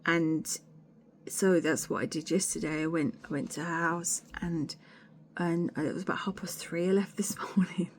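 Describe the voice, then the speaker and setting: A woman's voice: lowish voice, steady tone, moderate pace, slight background noise. Chatty, sweary woman. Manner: chatty, sweary, self-deprecating, rambling with restarts. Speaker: vlogger. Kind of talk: candid casual chat to camera.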